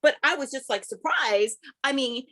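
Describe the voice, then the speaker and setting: A woman sharing memories of a late coworker at a community memorial, halting often and restarting her sentences. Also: high voice, fairly bright tone. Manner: halting, many restarts and fillers, laughing fondly. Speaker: memorial speaker, former coworker. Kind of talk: personal tribute at a memorial.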